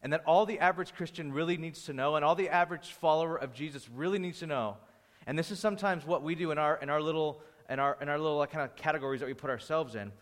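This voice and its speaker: Leading a Bible class in a large hall, this pastor speaks quickly in a slightly high, somewhat bright voice. He's conversational, restarting phrases and sharing anecdotes, and grows more energetic during stories.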